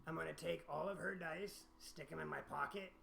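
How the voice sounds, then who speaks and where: A man's voice: on the high side, steady tone, brisk, vocal fry, pushed and bright, a little hiss or hum. A man playing a tabletop game in character, talking in a playful, coaxing way. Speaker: player.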